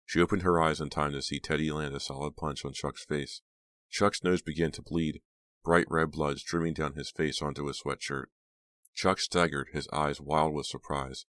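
A man reading an audiobook aloud in a steady, measured way. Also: extremely low pitch, no echo. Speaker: audiobook narrator. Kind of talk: scripted audiobook narration.

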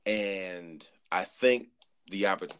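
A man chatting on a podcast, telling an animated story, acting out quotes and repeating words as he goes. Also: sits low, takes it slowly, clean tone. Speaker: podcast guest. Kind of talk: casual chat.

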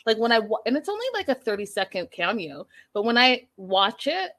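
Animated gossipy woman reviewing a show. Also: a little high, brisk. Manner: animated, gossipy, says y'all. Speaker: reality TV reviewer. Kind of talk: casual commentary to viewers.

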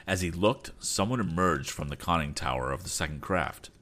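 A man reading a storybook aloud as a podcast host, expressive and animated. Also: deep voice, moderate pace. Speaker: audiobook narrator and podcast host. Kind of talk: storybook narration. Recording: faint background music.

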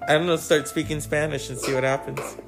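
A man's voice: a little high, little pitch movement, fairly quick, creaky, over music. A man hosting a comedy show, teasing his co-host in brash, profane banter.

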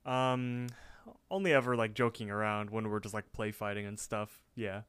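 Young guy with a clean smooth voice, dry close mic, laid back chatty podcast vibe. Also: lowish voice, fairly even intonation, moderate pace, a bit bright, dry recording. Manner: easygoing, chuckles often. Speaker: podcast co-host. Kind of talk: casual chat recapping a cartoon episode. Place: apartment.

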